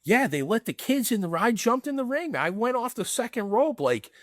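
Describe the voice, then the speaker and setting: A man's voice: very high voice, sing-song, normal speed, a bit bright, no echo, clean studio sound. Laid-back man laughing through wrestling stories. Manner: laid-back, laughs often, calls people man and brother. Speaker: podcast co-host. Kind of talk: casual chat.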